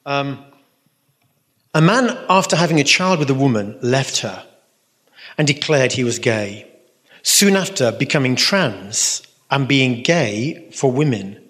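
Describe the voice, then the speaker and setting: A man's voice: medium pitch, lively intonation, a little slow, a bit bright. A man answering audience questions as a Catholic speaker and musician, telling stories in an earnest, rambling way with many asides. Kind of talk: storytelling talk with audience Q&A. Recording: reverberant hall.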